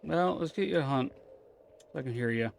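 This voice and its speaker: A man's voice: medium pitch, normal speed, vocal fry. A man streaming a ghost-hunting game live, thinking aloud and chatting in a friendly way with his viewers.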